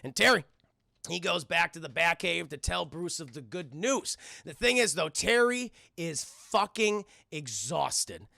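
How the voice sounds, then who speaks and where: A male streamer who reviews cartoons walks his live chat through an episode, rambling loosely and swearing. His voice is very gravelly, bright and a little high, expressive and unhurried, recorded close and dry with no room sound.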